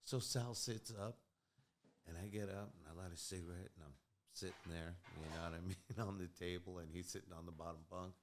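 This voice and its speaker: A man telling a prison story in casual chat, animated and laughing as it builds. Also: low-pitched, a little fast, a little hiss or hum. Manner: animated, laughs through his own story. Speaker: guest, former prisoner.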